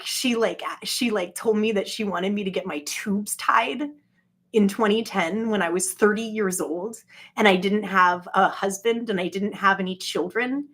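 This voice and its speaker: A woman in her forties talking to her viewers in a rambling, casual monologue, halting often and filling her speech with "like". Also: mid-range voice, fairly bright tone, slightly rough. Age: 40s. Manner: halting, heavy with "like" fillers.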